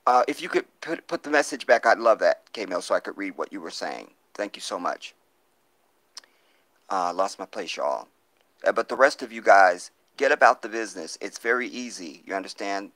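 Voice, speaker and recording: A man's voice: lowish voice, a bit bright, no echo. A man hosting a live stream, reading viewer comments and pleading for donations in an impassioned, profane way, on a phone mic. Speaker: livestream host.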